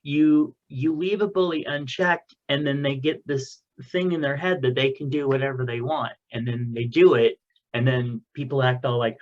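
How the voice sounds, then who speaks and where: A man's voice: medium pitch, fairly even intonation, moderate pace. Blunt man on a dull-sounding podcast line. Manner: blunt, swears freely. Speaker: podcast co-host. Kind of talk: casual chat.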